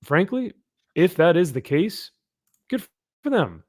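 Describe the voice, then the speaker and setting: A man hosting a casual comic-book chat podcast, animated and quick to laugh. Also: high-pitched, dry recording, clean studio sound. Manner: animated, laughs often, jokey asides. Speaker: podcast host.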